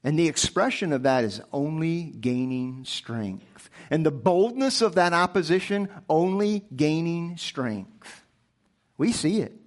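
A man preaching a sermon in a high voice for a man. He drives each point home with emphatic rhetorical questions and stacked repetitions, speaking straight to the congregation. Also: lively intonation, a little slow.

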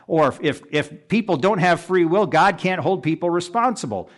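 A man preaching an expository sermon to a congregation in a room, earnest and pressing, jumping up for emphasis and dropping low and quiet at the ends of verses. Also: animated, moderate pace, few pauses. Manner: earnest, pressing, rises sharply for emphasis then drops low. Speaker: pastor.

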